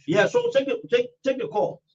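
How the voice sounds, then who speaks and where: Guy hosting a call-in radio show, really high voice, emphatic, lots of you know, kinda muffled and far from the mic. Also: wildly swooping pitch, normal speed, darkish tone. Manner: emphatic, repetitive, heavy use of "you know". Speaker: radio talk show host. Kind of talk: call-in political talk. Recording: dull, distant radio studio recording.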